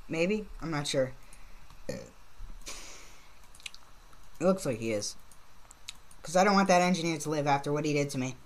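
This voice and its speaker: A woman's voice: sits low, animated, moderate pace, long pauses. A woman giving casual gameplay commentary, laid-back, laughing often and swearing casually. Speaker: gaming channel host.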